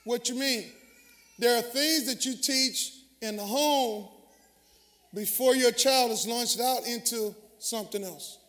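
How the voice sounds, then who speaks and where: Speaking slowly in an extremely high, fairly bright voice, a Southern US pastor delivers a sermon in a large sanctuary. He exchanges call-and-response lines with the congregation, with long reverb from the hall.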